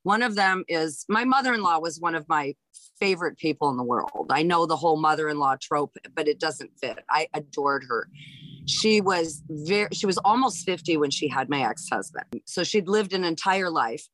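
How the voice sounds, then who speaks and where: Comedian in her fifties from Hawaii, lower voice, dry close sound, animated storyteller. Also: moderate pace, no echo, low-quality recording. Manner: animated storyteller, lots of restarts. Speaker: guest, stand-up comedian. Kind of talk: casual storytelling interview.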